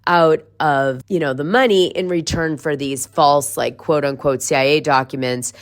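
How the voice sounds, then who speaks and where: Female podcast host with a deep voice, chatty solo monologue that explains each step. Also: moderate pace. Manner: conversational, explains step by step with fillers.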